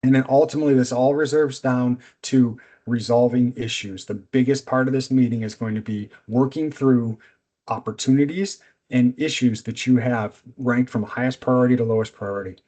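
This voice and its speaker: A man's voice: mid-range voice, normal speed. Direct male business coach giving a seminar. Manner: energetic, direct, instructive. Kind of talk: seminar presentation.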